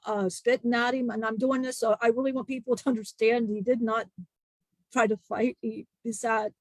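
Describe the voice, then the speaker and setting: Woman channeling old disciple spirit guy, earnest and grieving, stops and restarts a lot, kinda high, dry sound. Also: dry recording, close to an everyday voice. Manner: halting, emotional storytelling with many restarts.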